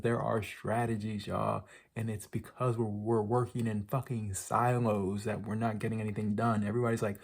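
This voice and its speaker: A man's voice: lowish voice, steady tone, fairly quick, gravelly. A young man ranting casually to his viewers, rambling and swearing, with lots of filler words. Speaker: vlogger. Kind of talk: casual rant to camera.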